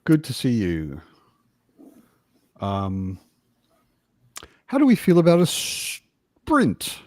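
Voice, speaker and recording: Lively, joking male chat host. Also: mid-range voice, drawn-out words, no room sound. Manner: chatty, swears casually, jokey. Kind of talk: casual chat.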